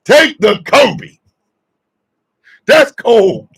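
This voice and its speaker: A man hosting a radio show, shouting and mocking in loud comedic commentary. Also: extremely high pitch, drawn-out words, creaky, breathy edge. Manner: shouting, mocking, excitable riffing.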